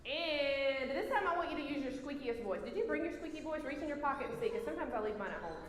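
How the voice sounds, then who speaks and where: A woman leading children at a church program in a playful, energetic manner, recorded in a large echoey room. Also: sits high, fast. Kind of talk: leading children in a call and response. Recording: echoey hall, faint room noise.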